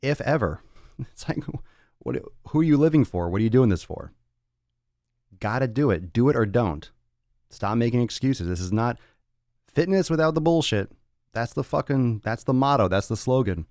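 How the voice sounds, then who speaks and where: A man's voice: mid-range voice, expressive, moderate pace, pauses often, darkish tone, no echo, clean studio sound. A man hosting a fitness podcast, ranting bluntly with lots of swearing and tough-love talk. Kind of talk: casual podcast rant.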